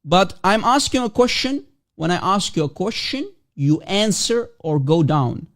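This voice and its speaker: With a slightly bright voice that sits high, this debate host speaks at a measured pace with lively intonation. He's combative and scornful, insistently repeating one question throughout the heated online exchange.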